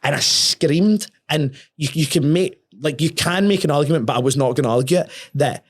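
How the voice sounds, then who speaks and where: A young man, a podcast guest telling a story in casual talk, sweary and animated, often restarting his words. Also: fairly high pitch, normal speed.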